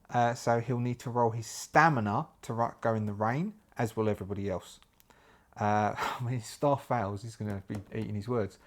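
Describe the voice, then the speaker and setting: A man narrating his solo tabletop game, talking through dice rolls and rules aloud. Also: mid-range voice.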